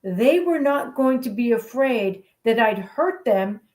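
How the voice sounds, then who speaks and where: A woman hosting a radio show, telling a motivational story in an animated, playful way. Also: on the high side, slow. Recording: roomy echo.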